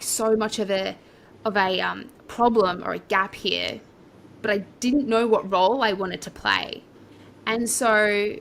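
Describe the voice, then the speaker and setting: Young Australian woman, property-coach guest: chatty, rambling storyteller with a bright voice and faint noise. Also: mid-range voice, creaky. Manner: chatty, rambling, lively asides. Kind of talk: casual storytelling interview.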